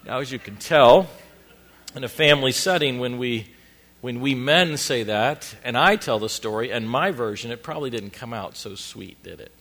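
A man's voice: mid-range voice, normal speed. A middle-aged male pastor telling a funny story in a sermon, self-deprecating and playful, speaking to his congregation. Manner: animated, self-deprecating, acts out family scenes. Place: church congregation.

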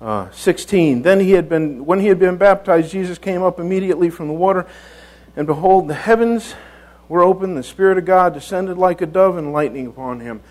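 A man's voice: high-pitched, a little fast, rough recording. A man preaching a conversational sermon in a church, folksy, often repeating words and asking rhetorical tag questions.

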